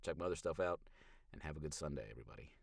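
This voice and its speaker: Male narrator, very low voice, animated, sardonic, dry close home booth. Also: rapid-fire, vocal fry, husky, no room sound. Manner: sardonic, swinging from hushed to loud. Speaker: audiobook narrator streaming a reading. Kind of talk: first-person audiobook narration. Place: small hot home recording booth.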